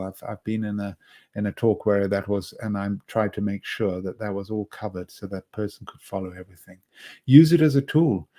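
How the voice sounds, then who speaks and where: A man giving an online lecture as a presentation skills trainer, talking conversationally with many restarts and asides and shifting his loudness for emphasis. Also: on the low side.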